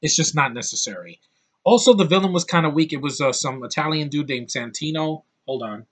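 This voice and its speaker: An American man rants through a movie review in a blunt, heated way, tripping over his words and starting sentences again. His voice sits a bit high and sounds bright and forceful, with a husky, slightly breathy edge. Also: lively intonation, a little fast. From United States. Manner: blunt, heated, rambling with restarts. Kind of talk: ranting casual review.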